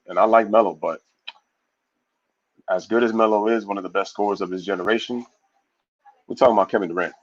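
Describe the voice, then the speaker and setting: A man hosting a casual live sports stream, reading viewer comments aloud and giving shout-outs in a loose, slangy way. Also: on the low side, muffled recording. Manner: loose, slangy, animated opinions.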